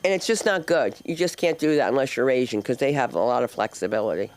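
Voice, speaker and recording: A woman's voice: very deep voice, animated, fast, a little mellow, slight background noise. A woman from New Jersey hosting a comedy club open mic, talking to the crowd in a brash, rambling, jokey way. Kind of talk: live stand-up hosting, chatting with the crowd.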